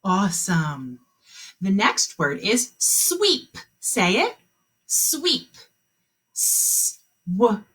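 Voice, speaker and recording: A woman teaching a kindergarten phonics lesson on a video call, speaking slowly and encouragingly and stretching out the sounds of words for young children. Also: medium pitch, huge pitch swings, bright, forceful tone, slightly rough.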